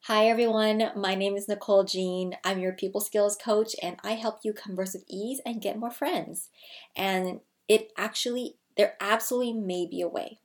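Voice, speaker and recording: A woman's voice: mid-range voice, moderate pace. Upbeat woman in her thirties, coaching talk. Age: 30s. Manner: energetic, emphatic, repeats key phrases. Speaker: people skills coach. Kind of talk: scripted-feeling casual vlog talk to camera.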